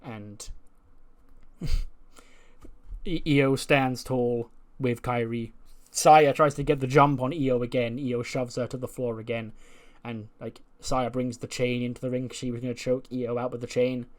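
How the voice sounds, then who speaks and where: A man at a middling pitch tells wrestling game storylines in a casual, chatty way. He leans on fillers as he goes. When the action heats up, he narrates it as lively play-by-play. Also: a little slow. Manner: animated play-by-play of match events. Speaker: YouTuber recapping a wrestling management game.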